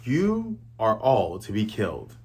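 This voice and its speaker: A man's voice: on the low side, huge pitch swings, a little slow, darkish tone, slightly rough, pitched below the performer's own voice, full character voice. A man voicing a ruthless male henchman who coldly threatens children. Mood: threatening.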